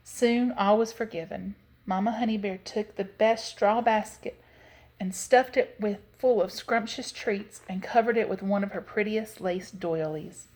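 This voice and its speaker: A woman narrating a children's storybook aloud in a gentle, expressive way. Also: mid-range voice, a little slow. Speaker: reader.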